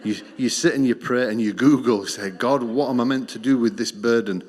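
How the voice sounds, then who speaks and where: Earnest Australian man giving church testimony. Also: fairly quick. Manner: earnest storytelling, dropping low and soft on key lines. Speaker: missions speaker.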